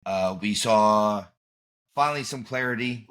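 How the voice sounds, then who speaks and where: A man's voice: fairly low pitch, measured pace, a bit bright, smooth. A man hosting a podcast in casual chat, rambling and often trailing off and restarting mid-thought. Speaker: podcast host.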